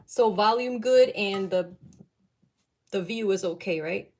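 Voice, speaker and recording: A woman doing a live-streamed psychic reading, talking in a halting, emotional way as she thinks aloud. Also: medium pitch, darkish tone. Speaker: psychic reader.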